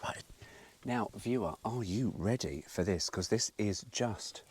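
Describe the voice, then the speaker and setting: A man's voice: on the low side, unhurried, darkish tone, slightly rough. A man chatting casually to camera while cooking in his campervan, sweary and chatty, sounding tired. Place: inside a campervan. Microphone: camera mic.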